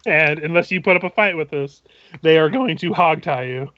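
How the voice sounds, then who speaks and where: A man serving as game master who narrates a tabletop game, describing scenes in a halting, methodical way. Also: a little high, no echo, muffled recording.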